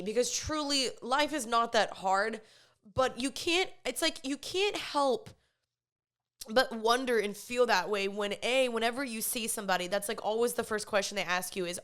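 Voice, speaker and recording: A young woman hosts a faith-based podcast, opening up in an earnest, confessional way and leaning on "like" as she talks. Her voice sits a little high and sounds smooth and clear. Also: moderate pace, fairly bright tone. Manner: earnest and confessional, many "like" fillers. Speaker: podcast host. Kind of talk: candid faith-based personal chat.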